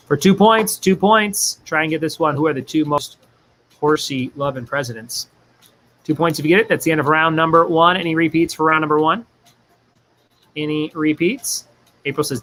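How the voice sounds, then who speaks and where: A man's voice: on the high side, fairly bright tone, a little hiss or hum. A man hosting a casual livestream trivia game, joking, laughing often and reading viewer chat aloud.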